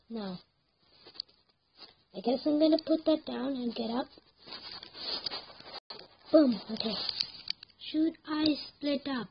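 High-pitched woman yelling at her game, slow unhurried talk between outbursts, muffled lo-fi mic. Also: gravelly, slight background noise. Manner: excitable, yelling at the game, repeats words. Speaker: gameplay commentator. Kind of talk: live gameplay commentary.

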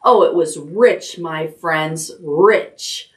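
Woman doing a hoarse gloating rat. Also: low voice, drawn-out words. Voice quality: husky, hoarse. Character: gluttonous male rat, hoarse and snarling.

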